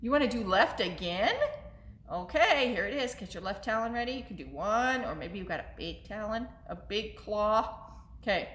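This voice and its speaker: A woman's voice: medium pitch, moderate pace, a bit bright. A woman in her thirties, a children's librarian leading story time, cheerful and coaxing with young children. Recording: echoey room.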